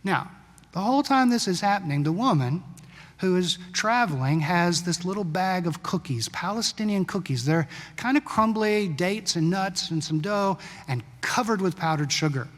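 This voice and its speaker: A male pastor preaching a sermon in a conversational storytelling way, sometimes brisk, sometimes slow and hushed. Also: sits high, animated. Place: church sanctuary. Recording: long church-hall reverb.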